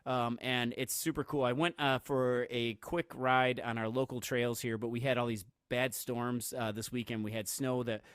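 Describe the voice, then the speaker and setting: Speaking at normal speed with few pauses, this man has a steady, clean, medium-pitched tone that's a bit bright. He's a podcast co-host in casual conversation, rambling with lots of fillers and restarts and laughing easily through his stories. The recording is dry and studio quality.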